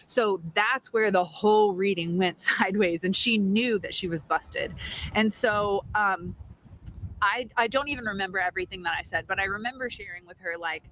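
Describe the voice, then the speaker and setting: Woman, tarot host, bright voice, chatty storytelling, casual swearing. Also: mid-range voice, moderate pace, slight background noise. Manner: chatty, animated, swears casually, laughs often.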